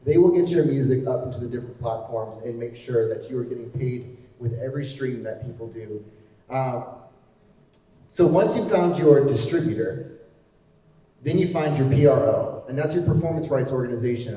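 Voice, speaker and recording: A man speaks at a convention panel with a mellow, relaxed tone and an enthusiastic, explanatory manner. He is picked up from far off, and the sound rings with the long echo of a big hall. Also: mid-range voice, moderate pace. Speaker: panel presenter.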